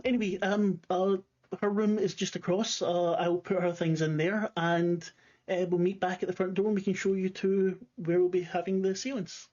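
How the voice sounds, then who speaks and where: A man's voice: high voice, level tone, normal speed, darkish tone, voice pushed up. A man voicing a fawning, eager male host who gushes with over-polite welcomes, on dull lo-fi audio. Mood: gushing. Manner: gushing and overly polite.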